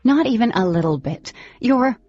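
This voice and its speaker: A woman voicing a defiant teenage girl who snaps back in loud, indignant retorts. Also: a little high, expressive, normal speed, dry recording, voice pushed up. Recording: slightly lo-fi with faint music.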